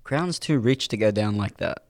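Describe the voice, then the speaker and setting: Guy in casual banter, lively up-and-down voice, laughs a lot. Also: fairly low pitch. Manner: laughs often, mimics people in quick put-on voices. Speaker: podcast co-host. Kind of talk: casual chat.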